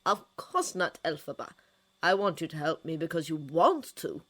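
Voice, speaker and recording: A woman reading a fanfiction story, voicing a smooth-talking older male ruler who is patient and condescending. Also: low-pitched, very animated, moderate pace, a bit bright, heavily acted. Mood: coaxing.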